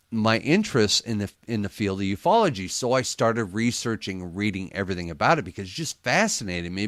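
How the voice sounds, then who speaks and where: A man telling a story casually as a guest on a radio interview, animated and laughing often as he acts out what people said. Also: medium pitch, no room sound, studio quality. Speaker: paranormal investigator guest.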